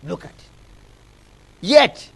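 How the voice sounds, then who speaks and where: A man's voice: slow, fairly bright tone, rough recording. A Nigerian man giving impassioned, rhetorical commentary as a guest on a studio talk show, stacking up repeated phrases. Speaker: political analyst guest. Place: television studio.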